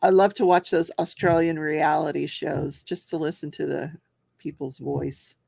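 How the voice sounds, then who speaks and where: Gravelly-voiced older woman chatting live. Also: deep voice, little pitch movement, normal speed, mellow, no echo. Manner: chatty, reads viewer comments aloud, laughs often. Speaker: host of a crafting and true-crime talk show. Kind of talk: casual livestream chat while crafting.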